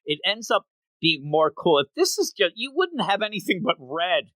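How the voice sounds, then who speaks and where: A man co-hosting a podcast, chatting casually and acting out quoted lines in quick voices. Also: sits high, wildly swooping pitch, sharp tone, dry recording. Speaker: podcast co-host. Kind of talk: casual chat recapping a manga chapter.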